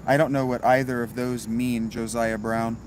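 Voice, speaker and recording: A man hosts a casual livestream and answers his chat in a laid-back, wry way, tossing in the odd curse. His voice sits at an ordinary pitch. Behind him there is a steady hiss with crickets chirping outdoors. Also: normal speed. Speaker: livestream host reading chat.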